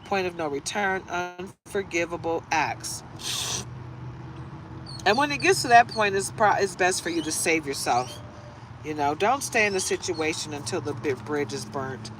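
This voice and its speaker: A woman's voice: on the low side, animated, normal speed. A chatty woman running a casual tarot reading who drifts into rambling stories. She laughs easily, and faint traffic noise hums in the background. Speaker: tarot reader. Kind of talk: casual live reading chat.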